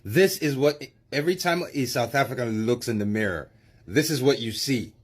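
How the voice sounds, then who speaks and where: A man with a husky, middle-pitched voice, delivering sarcastic, emphatic commentary straight at his listeners. He leans into mockery and repetition. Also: expressive, normal speed. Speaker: commentator in a played clip.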